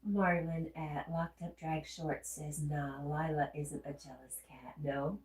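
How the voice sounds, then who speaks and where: Speaking slowly in a low, level voice with a darkish tone, this Southern-accented woman sounds congested as she hosts a relaxed livestream. The room is echoey, and she chats along, reading out viewers' comments and replying to each.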